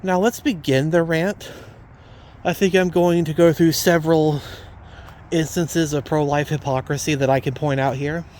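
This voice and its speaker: Indignant ranting man, slightly high voice. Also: steady tone, normal speed, a little mellow, slight background noise. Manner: indignant, repetitive, blunt. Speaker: vlogger. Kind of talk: ranting monologue.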